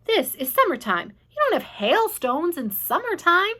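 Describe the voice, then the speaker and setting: A woman voicing a boastful, rude male centipede who shouts insults in a storybook reading. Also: extremely high pitch, very animated, moderate pace, voice pushed up, exaggerated voice. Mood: scornful. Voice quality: brash shouting.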